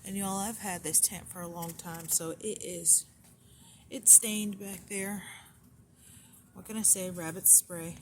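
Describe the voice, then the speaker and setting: A woman giving a relaxed, chatty tour of her rabbit barn as a breeder, pausing now and then between thoughts. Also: fairly low pitch. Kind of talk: casual walkthrough narration. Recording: noisy barn ambience. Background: barn ambience noise.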